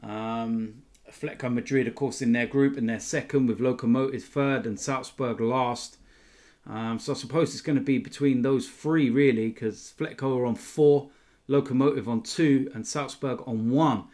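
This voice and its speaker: Man, football vlog host, casual roundup, chatty, lots of ums, mid-pitched voice. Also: steady tone, normal speed, a little mellow. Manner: chatty, filled with frequent ums. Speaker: football fan channel host.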